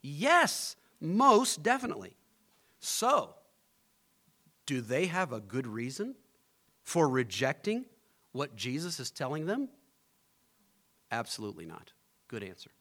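Animated man preaching a sermon. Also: mid-range voice, takes it slowly, pauses often. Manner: animated preaching, rising to emphatic peaks, asks the congregation questions. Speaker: pastor.

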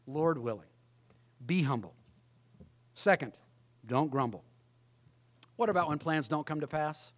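A man's voice: a little high, lively intonation, measured pace, pauses often. A middle-aged man preaching a sermon as pastor, emphatic, often acting out the voices of others.

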